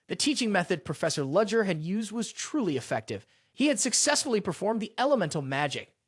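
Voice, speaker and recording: A man's voice: high-pitched, very animated, a little fast, slightly rough, dry recording, studio quality. A man narrating a story recap in a scripted reading style, voicing the characters' lines in his own narrating voice. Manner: reads every character's lines in the same narrating voice.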